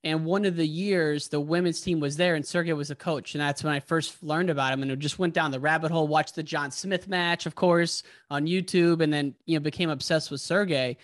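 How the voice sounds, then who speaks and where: A man's voice: on the high side, steady tone, fairly quick, few pauses. A man hosting a podcast, asking questions in an enthusiastic, chatty way. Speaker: podcast host. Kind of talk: casual interview.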